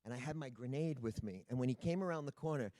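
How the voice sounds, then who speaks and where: Relaxed man telling a story. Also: mid-range voice, quick pace, no room sound. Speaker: panel guest. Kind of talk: anecdote on a panel.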